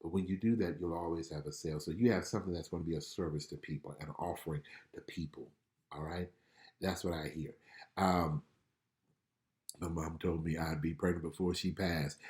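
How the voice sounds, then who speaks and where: A middle-aged man working as a spiritual life coach, gently praying and encouraging viewers on a live online stream. He talks in a conversational way, carefully enunciating his words like a former radio announcer. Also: low voice, steady tone, brisk, reverberant. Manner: gentle, conversational, reads viewer comments aloud.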